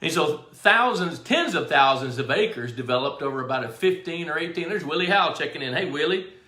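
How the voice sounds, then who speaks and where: A man's voice: a little high, expressive, brisk, bright, forceful tone. A middle-aged man hosting a live stream, telling stories in a folksy way and greeting viewers by name. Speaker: show host. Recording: echoey room.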